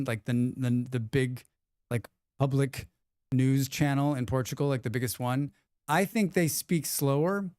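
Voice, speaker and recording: A man's voice: medium pitch, darkish tone, clean tone, no echo, studio quality. A young man chatting casually on a live stream, rambling and reading chat messages aloud, now and then swearing. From United States.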